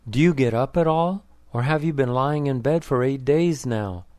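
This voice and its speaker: Anxious grown son, urgent pleading questions, a man reads him a touch higher than his usual voice, dry sound. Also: moderate pace, darkish tone, dry recording, close to an everyday voice. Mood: concerned.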